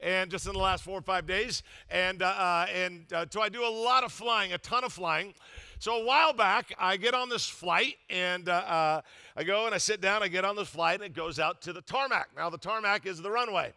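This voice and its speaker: Bright, animated older male pastor. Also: high-pitched, moderate pace. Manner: humorous storytelling, animated, loud emphatic bursts. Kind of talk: sermon.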